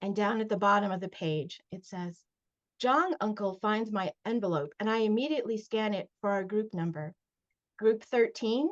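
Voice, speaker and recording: Woman, author, reading aloud from a novel, expressive first-person narration, medium pitch, dull lo-fi call audio. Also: normal speed. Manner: expressive first-person reading with brief plain-spoken recaps. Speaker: children's book author. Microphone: video call.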